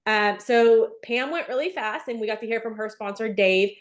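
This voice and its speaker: A woman hosting a team video call, brisk and upbeat as she introduces the next speaker. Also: fairly high pitch.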